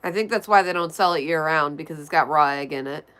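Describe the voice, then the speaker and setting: Nasal, low-voiced woman streamer. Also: quick pace, a bit bright, smooth. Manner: chatty, reads and answers viewer messages aloud. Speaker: livestream host. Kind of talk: casual livestream chat, reading chat.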